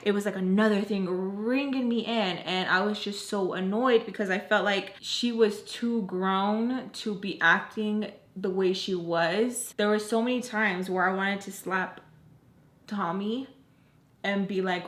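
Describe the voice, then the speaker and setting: A young woman tells a personal story in a loose, chatty vlog style, padding her lines with "like" and retelling events with animation. Her voice sits at a medium pitch. The recording carries a noticeable roomy echo. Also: unhurried, a bit bright. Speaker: vlogger telling a story. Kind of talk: casual storytime chat.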